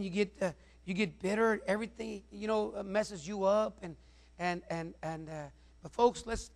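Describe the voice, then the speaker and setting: High-voiced rambling male pastor. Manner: rambling, repeats words and fillers. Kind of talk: sermon.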